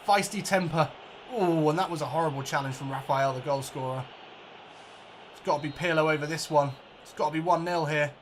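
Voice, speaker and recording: A man commentating his own football video game match like a broadcaster, jokey and prone to excited outbursts and swearing. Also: a little high, fairly quick, slight background noise. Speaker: let's play gamer. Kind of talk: mock football commentary over gameplay.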